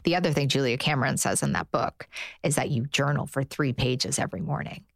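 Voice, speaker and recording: A middle-aged woman, a therapist on a podcast, talking in an earnest, animated way and voicing her own inner thoughts. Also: extremely low pitch, a little fast, vocal fry. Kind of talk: casual chat.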